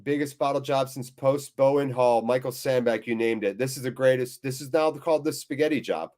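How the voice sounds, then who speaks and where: A man's voice: medium pitch, brisk, darkish tone. A man hosting a live fan watchalong, reading viewers' chat aloud with jokey swearing and a weary, deflated tone.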